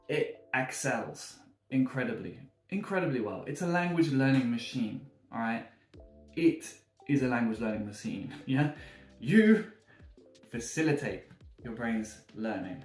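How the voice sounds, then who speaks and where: A British man coaching language learners to camera in a relaxed, encouraging way, often chuckling as he talks. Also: medium pitch. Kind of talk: motivational talk to camera. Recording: echoey room with faint music.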